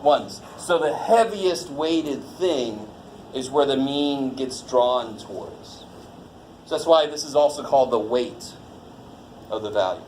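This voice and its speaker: A man's voice: mid-range voice, expressive, slow pace, a little mellow. A man teaching a college math class in a casual, jokey way, swearing lightly and quizzing the students as he goes. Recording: echoey classroom with faint noise.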